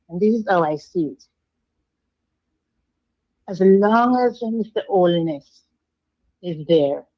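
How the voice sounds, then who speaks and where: A Jamaican woman calling in to a talk show, earnest and measured. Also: medium pitch. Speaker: caller. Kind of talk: phoned-in call to a talk show. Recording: muffled phone line.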